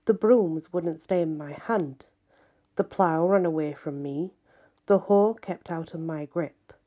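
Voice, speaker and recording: A woman reading a folk tale aloud in the first person, in an unhurried, earnest way. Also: low-pitched, dark tone. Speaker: storyteller.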